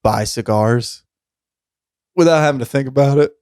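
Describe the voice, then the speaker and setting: A man co-hosting a cigar podcast, wry and self-deprecating in casual chat, quick to laugh. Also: mid-range voice, a little mellow, clean tone, no echo, studio quality. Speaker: podcast co-host.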